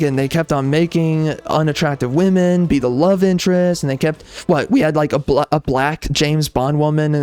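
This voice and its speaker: In an exasperated, emphatic rant, a man reviews a video game, repeating himself, using casual slang, and often restarting or filling gaps with filler words. His voice is on the high side, with a darkish, clear, resonant tone.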